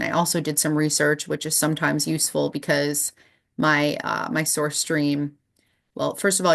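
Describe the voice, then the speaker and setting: A woman in her thirties telling a personal spiritual story, thoughtful and full of pauses. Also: low-pitched, gravelly, fairly bright tone. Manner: thoughtful, with many pauses and fillers. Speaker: spiritual channel host. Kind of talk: reflective personal monologue.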